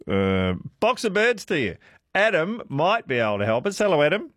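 A man's voice: fairly high pitch, moderate pace, dry recording, clean studio sound. A man hosting a late-night talkback radio quiz, chatting with callers in a friendly, jokey way. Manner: friendly, jokey, lively intonation.

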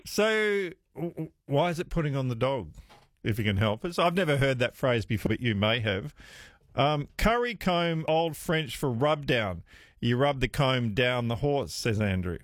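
A man's voice: mid-range voice, animated, moderate pace, dry recording. A man hosts talkback radio in a close, dry studio sound. His voice swoops up and down a lot as he muses aloud and throws questions to his listeners. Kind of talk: casual talkback radio chat. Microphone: studio microphone.

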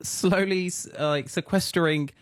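A man from the United Kingdom co-hosting a casual news chat, animated and giggly with quick asides. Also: high voice, no echo, clean studio sound. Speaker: co-host.

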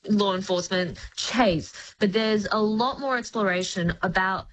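A young woman talks through the plots of new series as a guest critic. She is articulate and lively, explaining at length. Her voice sits at a middling pitch. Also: a little slow, slight background noise, rough recording. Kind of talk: casual review chat.

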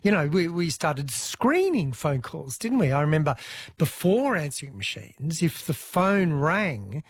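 An Australian talkback radio host chatting with callers in a lively way, laughing and acting out small quoted bits. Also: mid-range voice, a little slow, breathy edge, dry recording. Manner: chatty, laughing, acts out little quoted lines.

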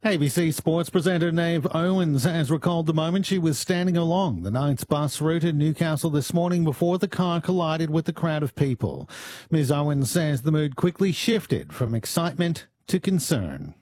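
A male newsreader with a slightly higher voice, reading scripted bulletin items in an even, measured way. His delivery is steady and formal. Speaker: news presenter.

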